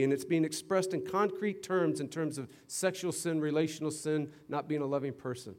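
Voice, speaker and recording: At normal speed and with few pauses, a man preaches from the pulpit, rising to emphatic loud peaks and sinking to soft, low stretches, now and then adding a playful aside in a teacher's manner.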